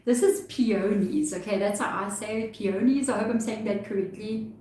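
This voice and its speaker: A woman's voice: mid-range voice, fairly even intonation, fairly quick, a little mellow. A woman with a South African accent giving a chatty, reassuring live tarot reading, laughing often. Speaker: tarot reader. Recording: echoey room, mic far off.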